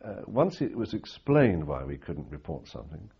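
Older male interviewee, anecdotal storyteller; deep, husky voice on a slightly dull recording. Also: big pitch swings, moderate pace, dark tone. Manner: anecdotal, rambling with restarts and fillers. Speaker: interviewee recalling war reporting.

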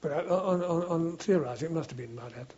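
A man's voice: on the high side, quick pace, darkish tone, lo-fi sound, slight background noise. An older man, a war veteran, recalling old times in a rambling, anecdotal way for an oral history interview. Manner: rambling anecdotal storytelling, frequent restarts.

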